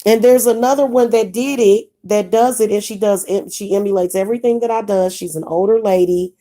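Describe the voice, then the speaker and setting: A woman's voice: mid-range voice, steady tone, fairly quick, warm tone. A young woman with a Kansas City, Missouri accent, talking candidly in a casual vlog. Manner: candid, repetitive, chatty. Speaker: witch vlogger.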